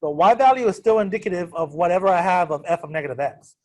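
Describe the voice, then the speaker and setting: A man leads a math lesson in a classroom, his voice sitting a little high. He is casual and self-deprecating, and he keeps checking in with the class as he goes. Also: lively intonation, fast, a little mellow. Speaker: math teacher. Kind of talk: classroom lecture. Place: classroom with students also on a video call.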